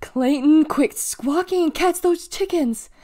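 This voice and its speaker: A woman's voice: sits high, slow, dark tone, voice pushed up. A woman reading aloud and voicing a stern policewoman who roars and scolds. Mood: scolding. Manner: roaring, scolding. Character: stern, loud small-town policewoman.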